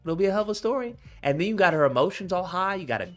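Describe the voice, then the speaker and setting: A man talks through video clips in a casual, cursing riff. His voice sits a bit high and swings widely in pitch. He keeps slipping into voices to mimic the people he mocks. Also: racing, faint music behind. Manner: animated, profane, acts out quoted voices. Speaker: commentator reacting to clips. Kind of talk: casual reaction commentary.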